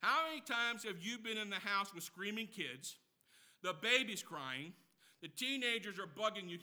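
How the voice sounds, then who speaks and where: A male pastor preaching with a very high, piercing, sharply bright voice. He swings from loud, emphatic declarations to hushed, low asides. He counts off his points one by one and puts questions straight to the congregation. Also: animated, brisk. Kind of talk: sermon.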